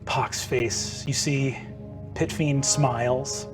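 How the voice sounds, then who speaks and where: A man narrating as game master of a tabletop game in a casual, unhurried way. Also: medium pitch, fairly even intonation, music in the background.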